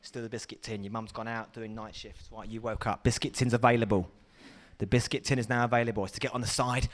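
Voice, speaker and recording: A young Englishman doing a stand-up comedy set, excitable, with sudden loud shouty bursts. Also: medium pitch, fast.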